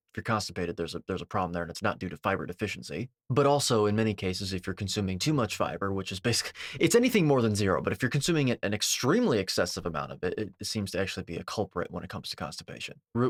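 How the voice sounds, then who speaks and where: A man with a low voice delivers a combative, dismissive reaction commentary thick with technical jargon. The sound is dry and close, with no room around it. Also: no echo.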